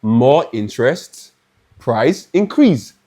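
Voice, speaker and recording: A young Nigerian man with a Nigerian accent, telling a lively, dramatic story in a chatty clothing haul vlog. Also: medium pitch, takes it slowly. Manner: animated, dramatic, restarts often. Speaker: fashion vlogger.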